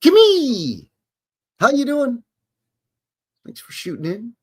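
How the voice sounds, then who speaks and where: A man's voice: very high voice, huge pitch swings, slow, slightly rough. A Canadian man hosting a live stream, reading history aloud with sarcastic, joking asides and greeting viewers. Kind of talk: casual commentary while reading aloud.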